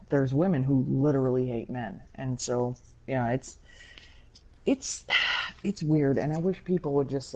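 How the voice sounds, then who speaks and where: A woman's voice: deep voice, warm tone. A woman telling a story in casual podcast chat, candid and blunt, with plenty of swearing. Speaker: podcast co-host. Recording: dull lo-fi sound.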